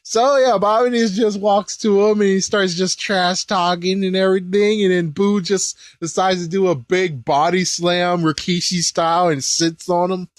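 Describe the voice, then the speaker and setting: A man hosting a casual episode commentary, excitable and chuckling, with mild swearing. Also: high voice, moderate pace, hardly any pauses, no room sound. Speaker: anime reaction host.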